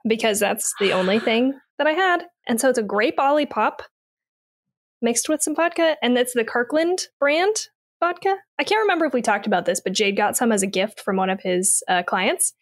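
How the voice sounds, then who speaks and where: A woman's voice: on the high side, animated, normal speed. A young adult woman co-hosting a podcast in casual chat, chatty and giggly. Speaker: podcast co-host.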